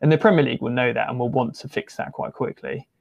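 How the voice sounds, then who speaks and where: A man's voice: medium pitch, fast, vocal fry, highs cut off. A man in casual football chat, rambling and hesitant with many fillers and restarts.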